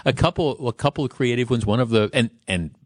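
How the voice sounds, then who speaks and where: A man's voice: mid-range voice, fairly quick, dry recording, clean studio sound. A middle-aged man from Wisconsin hosting a radio talk show, rambling chattily with many restarts. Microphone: studio microphone.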